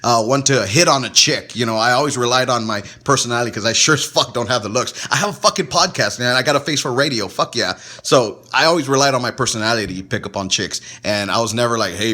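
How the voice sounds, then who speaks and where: A man co-hosting a podcast, telling stories in casual, profane, laughing chat. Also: medium pitch. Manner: profane, laughing, animated storyteller. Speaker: podcast co-host.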